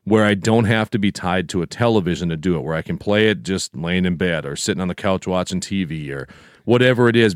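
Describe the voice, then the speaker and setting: A middle-aged man co-hosting a podcast, talking in a relaxed, rambling way with restarts. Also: sits low, no room sound, studio quality. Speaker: podcast co-host. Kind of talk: casual chat.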